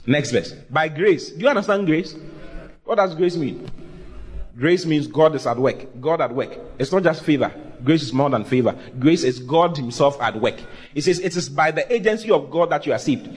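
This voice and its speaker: Lively preaching man, animated pitch. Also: brisk, slightly rough. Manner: animated preaching with acted quotes, asks the congregation questions. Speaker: pastor. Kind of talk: sermon.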